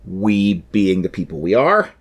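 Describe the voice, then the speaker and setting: A man's voice: lowish voice, big pitch swings, a little slow. A man co-hosting a podcast, explaining tabletop game rules in a playful, rambling, enthusiastic way. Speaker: podcast co-host. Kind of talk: casual chat about a tabletop game.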